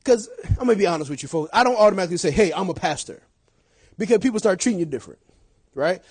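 A middle-aged man preaching to his church with a high voice. His pitch swings a lot as he jumps between shouted points and low, chatty asides, with frequent laughs. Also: expressive, fast talker, breathy edge. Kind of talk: sermon.

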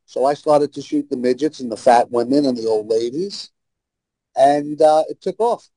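A man's voice: medium pitch, normal speed, dark tone, no room sound, rough recording. A man with a New York accent telling blunt, brash stories as a talk-show guest. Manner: brash, blunt anecdotal storyteller. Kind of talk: casual storytelling.

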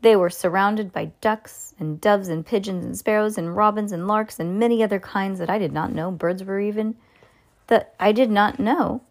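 A woman reads a children's book aloud in a lively way. She stumbles now and then and adds little comments of her own. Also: mid-range voice. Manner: lively with small slips and asides. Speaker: storyteller.

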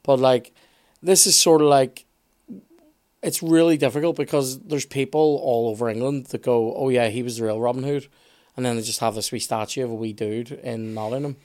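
A man chatting casually on a podcast, opinionated and animated, with some swearing. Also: medium pitch, moderate pace. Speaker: podcast guest expert.

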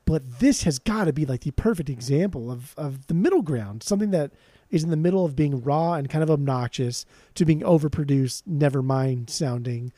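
A man's voice: fairly high pitch, lively intonation, moderate pace, few pauses, mellow, no echo. A man co-hosting a podcast, sarcastic and profane, ranting jokingly in casual chat. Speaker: podcast co-host.

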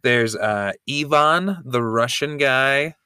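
A man's voice: mid-range voice, takes it slowly, sharp tone, clear, resonant tone, no room sound, studio quality. A man co-hosting a podcast, chatting casually and playfully about a movie, joking and dropping into silly voices. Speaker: podcast co-host. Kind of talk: casual movie-recap chat.

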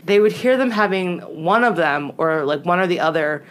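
A woman's voice: fairly low pitch, animated, moderate pace. A woman casually telling ghost stories on a podcast, chatty and full of "like", acting out what people said. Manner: chatty, lots of "like", acts out quoted lines. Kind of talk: casual storytelling chat.

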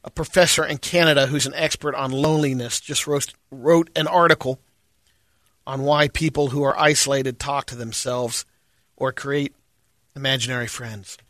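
A man with a mid-range voice co-hosting a casual talk show. He relays news items in a plain, even manner before joining the chat. The recording is dry and close. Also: medium pitch, normal speed, no room sound.

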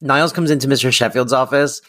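A podcast co-host chatting casually through a sitcom recap. They sound amused and talkative and laugh along at the jokes. The voice sits at an ordinary middle pitch. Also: fairly even intonation, fast talker, a bit bright.

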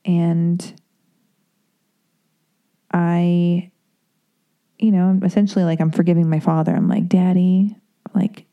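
A woman's voice: lowish voice, level tone, takes it slowly, pauses often, dull audio. A woman telling a candid personal story in a rambling, confessional way, full of "like" and "you know". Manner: rambling, confessional, heavy use of "like".

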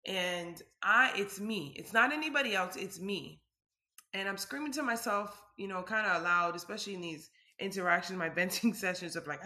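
A woman's voice: mid-range voice, normal speed, sharp tone, roomy sound. A woman vlogger speaking candidly and conversationally about a personal experience, with frequent filler words.

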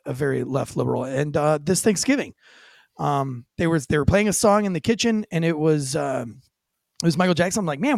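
A man's voice: a little high, vocal fry, no room sound, clean studio sound. A man hosting a podcast interview, chatting casually and telling stories with quoted voices. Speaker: podcast host.

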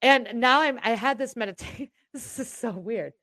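A woman telling a rambling, animated story in casual chat as a podcast co-host. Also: a little high, moderate pace, no echo, clean studio sound.

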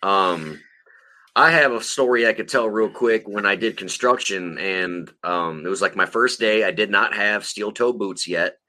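Podcast co-host, man, bright forceful tone, profane rambling storyteller. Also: lowish voice, a little slow. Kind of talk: casual chat.

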